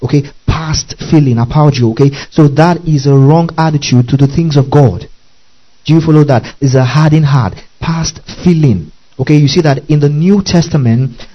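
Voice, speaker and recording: A man's voice: on the high side, moderate pace, lo-fi sound. A man preaching a Bible-study sermon, repeating key words, spelling out Greek terms and often checking in with his listeners.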